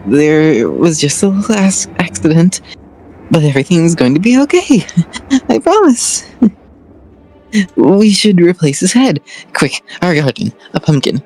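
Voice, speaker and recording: A woman's voice: on the low side, very animated, measured pace, pauses often, darkish tone, full character voice, rough recording. A woman voicing a grieving mother in denial, pleading and desperate. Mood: soothing.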